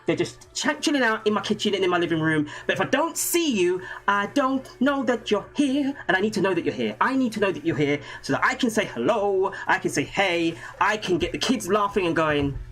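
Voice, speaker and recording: A man's voice: high-pitched, animated, a little fast, hardly any pauses, a bit bright. A man hosting a casual livestream from home, chatty and jokey, rambling and greeting viewers by name. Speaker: livestream host. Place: home room with a green screen.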